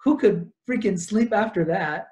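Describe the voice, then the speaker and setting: Slightly slow, with a high and a little mellow voice, a young podcast co-host gives a long plot retelling in casual book-club conversation. It's rambling and detail-laden, full of fillers and asides.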